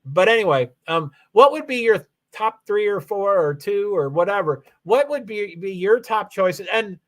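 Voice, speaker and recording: A man talking casually into his computer mic on a live stream, his voice sitting a little higher than most men's. He rambles and corrects himself as he goes, with plenty of ums and asides. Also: expressive, normal speed. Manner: rambling, self-correcting, chatty with frequent fillers. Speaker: live streamer reading chat. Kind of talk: casual livestream chat.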